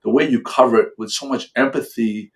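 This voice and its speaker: A man hosts a casual podcast, asking long, halting questions and circling back to restart his sentences. His voice has a middle pitch for a man. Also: low-quality recording. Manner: rambling, halting, many restarts. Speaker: podcast host.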